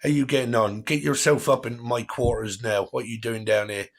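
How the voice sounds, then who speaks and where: A man's voice: medium pitch, fairly even intonation, normal speed, vocal fry. A man putting on a bawdy West Country tavern man. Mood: flirty.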